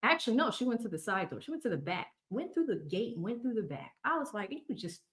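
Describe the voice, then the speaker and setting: A woman's voice: on the high side, sing-song, fast talker, a bit bright. A woman in her thirties with a Boston accent, hosting a casual, chatty commentary stream. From Boston area. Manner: chatty, conversational, full of fillers. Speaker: legal commentary host. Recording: roomy echo.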